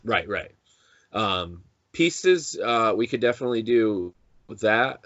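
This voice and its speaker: Low-voiced man rambling about films. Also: lively intonation, slow pace, a bit bright, dry recording, muffled recording. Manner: rambling, many restarts, acts out quoted lines. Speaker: podcast co-host. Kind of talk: casual chat.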